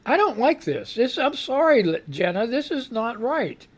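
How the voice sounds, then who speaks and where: A man's voice: very high-pitched, big pitch swings, normal speed. A man runs a live radio news show, reading headlines off the screen. He keeps drifting into rambling commentary and exasperated outbursts, and he sounds like he is fighting back a cough. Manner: rambling, reads headlines aloud and reacts with outbursts.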